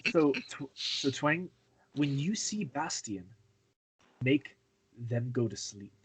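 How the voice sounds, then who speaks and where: A man's voice: mid-range voice, expressive, slow pace. A man playing a tabletop game, patiently coaxing another character as if talking to a child. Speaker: player. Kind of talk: casual tabletop game chat and in-character talk.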